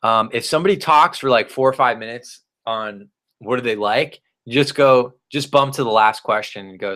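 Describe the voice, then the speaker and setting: A man giving a casual, energetic training talk on network marketing, often restarting phrases and acting out the replies of prospects. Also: mid-range voice, normal speed. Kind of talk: recorded training presentation.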